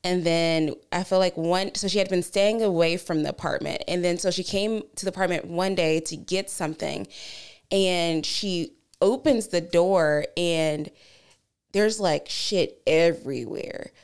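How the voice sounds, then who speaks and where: Low, smooth-voiced young woman chatting. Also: a little slow. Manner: meandering, filler-heavy, casual swearing. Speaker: podcast co-host. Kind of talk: casual chat, storytelling.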